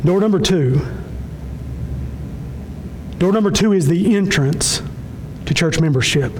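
A man with a high voice preaches a sermon, pressing his point through repetition and sudden swings between hushed low phrases and raised, pleading ones. A faint rumble sits under the recording. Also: lively intonation, a little slow, rough recording. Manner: impassioned, repetitive preaching with sudden drops and rises in pitch. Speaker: pastor.

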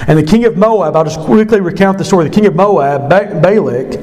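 High-voiced man teaching a Bible story. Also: brisk, a little mellow. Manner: conversational retelling of a scripture story, emphatic. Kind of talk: evening Bible study teaching.

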